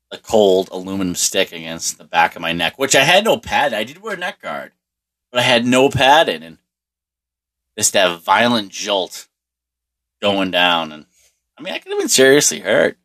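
A man's voice: fairly low pitch, very animated, normal speed, fairly bright tone. A middle-aged man telling a personal story in a rambling, profane way, full of restarts and fillers. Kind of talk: casual storytelling monologue.

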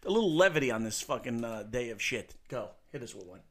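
A man's voice: mid-range voice, very animated, quick pace. A man hosting a crude comedy radio show, swearing constantly in rowdy banter with callers and his co-host.

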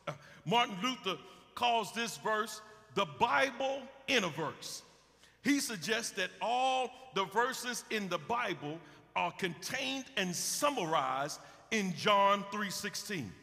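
Impassioned high-voiced male preacher. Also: sharp tone. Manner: impassioned preaching, repeating words and calling out to the congregation. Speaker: pastor. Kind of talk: sermon. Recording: reverberant hall sound, live stream.

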